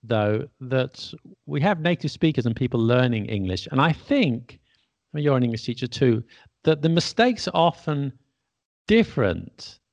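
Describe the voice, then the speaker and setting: Chatty man with a gravelly voice. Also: medium pitch, animated, moderate pace, no room sound. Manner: chatty, self-deprecating, laughs often. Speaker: podcast host and English teacher. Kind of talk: casual conversation.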